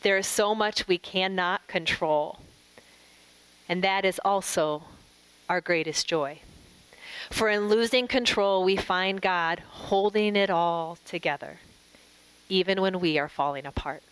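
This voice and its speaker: A middle-aged woman giving a devotional talk, gentle and reflective, telling a family story and closing in prayer. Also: lowish voice, a little slow, clear, resonant tone, low-quality recording. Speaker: devotional speaker.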